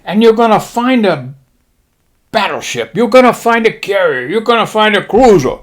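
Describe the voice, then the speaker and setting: A man voicing a pompous old male naval admiral who speaks in a high, clipped, overly formal way. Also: big pitch swings, moderate pace. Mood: rousing.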